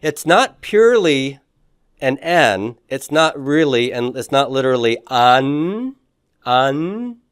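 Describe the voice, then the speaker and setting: Slow, clear-voiced man teaching Greek. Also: mid-range voice, sing-song, no room sound, studio quality. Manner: slow, repeats pronunciations, many fillers, quizzes the class. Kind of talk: classroom lecture.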